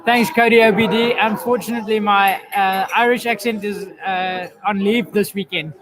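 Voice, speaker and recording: A man's voice: high voice, steady tone, normal speed, crowd noise, rough recording. A man, commentating a rugby match on a live stream in a casual way. He reads out viewer comments, greets viewers by name, mocks himself and laughs often.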